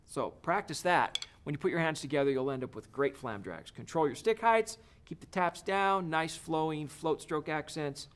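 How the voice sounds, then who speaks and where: A man's voice: on the high side, animated, moderate pace, hardly any pauses. A man teaching a drum lesson, explaining each step in an encouraging way. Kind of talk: video lesson.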